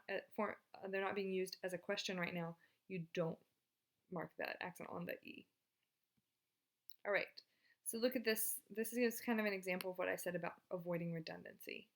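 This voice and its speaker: Woman teacher recording a lesson video, relaxed and chatty, encouraging tone. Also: medium pitch. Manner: casual, chatty and encouraging, with fillers. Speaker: Spanish teacher.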